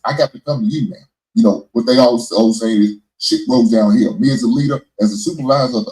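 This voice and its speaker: A man's voice: mid-range voice, quick pace, mellow, rough recording. A middle-aged man hosting a casual debate chat, emphatic and preachy, repeating phrases for effect. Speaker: podcast host.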